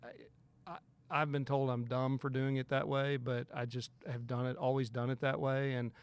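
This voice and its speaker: A man's voice: medium pitch, flat delivery, moderate pace, clear, resonant tone. A man, a personal injury attorney talking as a guest on a talk show, earnest and emphatic, with many restarts. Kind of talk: casual talk show conversation.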